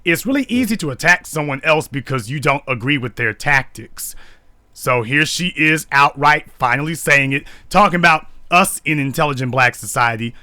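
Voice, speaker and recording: Man, live-stream commentator, indignant, preachy, repetitive rhetorical questions, forceful bright tone, dry close sound. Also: mid-range voice, moderate pace, no echo. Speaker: online commentator.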